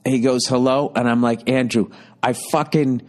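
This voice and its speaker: A man in his fifties with a steady, darkish mid-range voice hosts a podcast on a studio mic. He tells a rambling comedic story in rapid, exasperated rants laced with constant swearing.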